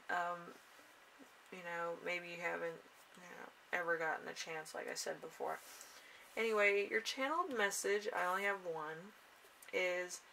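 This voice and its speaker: A woman's voice: lowish voice, creaky, bright, forceful tone, slight background noise, low-quality recording. A woman giving a casual tarot reading, chatty and rambling, laughing often and saying "you know" a lot. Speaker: tarot reader.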